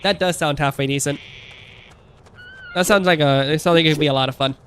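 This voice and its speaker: A man's voice: on the high side, brisk, fairly bright tone, slight background noise. A man in his thirties chatting casually on a live stream, rambling through asides and laughing often.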